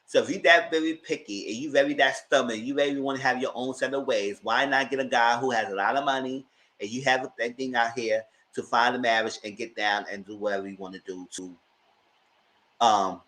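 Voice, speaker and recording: A man's voice: medium pitch, steady tone, a little fast, sharp tone, low-quality recording. A man hosting a casual live review of a reality TV show, chatty and emphatic as he talks straight to his viewers.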